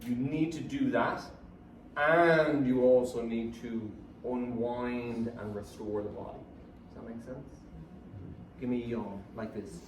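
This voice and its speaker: A man, a guest speaker giving a lively, joking talk and coaxing the audience to join in. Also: mid-range voice, a little slow, noisy background. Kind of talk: live motivational talk to an audience. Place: event hall with an audience. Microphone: phone camera from the audience. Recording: echoey hall phone recording from far off.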